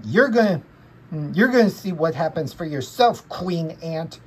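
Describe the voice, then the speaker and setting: Linus, a cross and stubborn young boy, as played by a woman in a homemade fan story. He scolds slowly and angrily with a husky edge, stopping often on hesitant "mm" sounds. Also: mid-range voice, fairly even intonation, pitched above the performer's own voice, rough recording. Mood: angry. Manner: angry scolding with many hesitant mm fillers.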